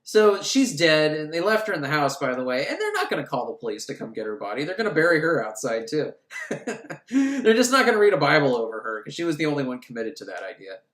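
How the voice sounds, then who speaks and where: A man's voice: a little high, huge pitch swings, fast talker, fairly bright tone. A man giving a sarcastic, rambling comedic recap of a movie plot. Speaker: host recapping a film. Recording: roomy echo.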